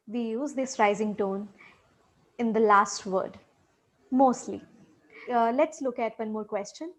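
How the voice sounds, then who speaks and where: Woman teaching intonation real slow, higher voice, keeps repeating the example questions. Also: a little mellow. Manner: patient, repeats example sentences with exaggerated rising and falling tones. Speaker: English teacher. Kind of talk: micro-lesson on intonation.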